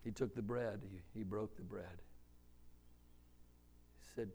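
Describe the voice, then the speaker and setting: Slow-talking male preacher. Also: lowish voice, warm tone, slight background noise. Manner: slow, conversational preaching with audience questions. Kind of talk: sermon. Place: church sanctuary with congregation.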